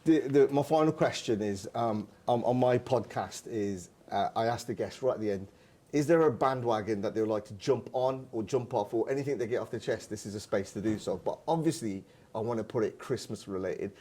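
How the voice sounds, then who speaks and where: Mellow-voiced male podcast host. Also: lowish voice. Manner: halting, rambling questions with many restarts. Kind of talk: interview questions.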